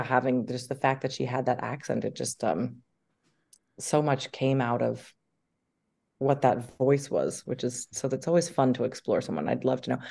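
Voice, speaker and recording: A woman's voice: extremely low pitch, vocal fry, warm tone. A woman in her thirties, an actress chatting animatedly as a guest in an interview, full of fillers. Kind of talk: casual interview chat.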